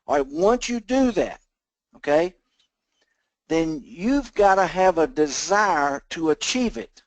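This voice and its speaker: A man with a high, bright-pitched voice gives a motivational pep talk to his sales team. His folksy delivery leans on repetition and a preachy rhythm. The sound is close and dry, with no room around it. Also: lively intonation, slow pace, dry recording, poor audio. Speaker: team leader on a sales call. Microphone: phone or conference call line.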